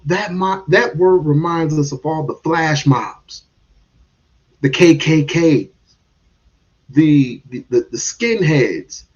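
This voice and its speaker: A man's voice: a little high, husky, muffled recording. A man giving heated, casual commentary on a stream, restarting and repeating words as he goes.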